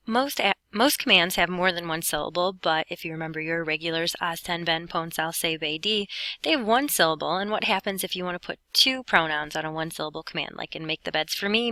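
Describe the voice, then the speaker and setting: A woman teaching a Spanish grammar lesson as a voice-over on her notes, explaining each step in a clear, patient way. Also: lowish voice, bright, forceful tone, no room sound.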